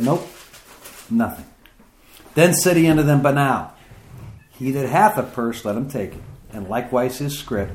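Man preaching scripture in an echoey room. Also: a little mellow. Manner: reads scripture aloud then comments, rising in pitch as he grows emphatic. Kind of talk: sermon reading and explaining scripture.

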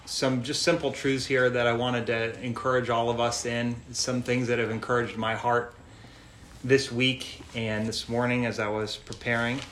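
A man's voice: mid-range voice, level tone, normal speed. Earnest preacher man in echoey room. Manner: gentle, earnest, repeats phrases for emphasis. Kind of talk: sermon. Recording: echoey room, faint noise.

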